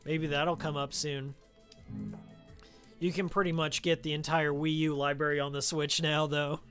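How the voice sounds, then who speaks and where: His voice sits on the high side, clear and resonant, as he streams a game and chats loosely about old games. A pop-filtered studio microphone picks him up.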